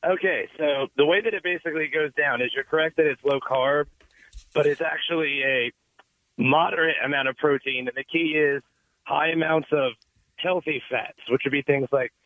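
A man calling in to explain a diet, calm and explanatory, a little hoarse from a cold, heard over a phone line. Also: fairly high pitch, moderate pace, no echo. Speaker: caller, keto specialist.

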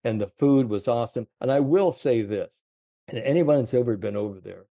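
A man in his seventies, a golf confidence coach, telling animated stories in an interview, full of "you know". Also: medium pitch, fairly quick, gravelly, no room sound, dull audio. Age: 70s. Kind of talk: storytelling interview chat.

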